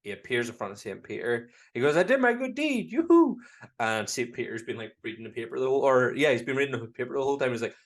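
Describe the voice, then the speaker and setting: A man's voice: medium pitch, very fast, hardly any pauses. Northern Irish man retelling with laughs. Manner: animated retelling, slips into character voices and laughs often. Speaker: podcast co-host. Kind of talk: casual chat.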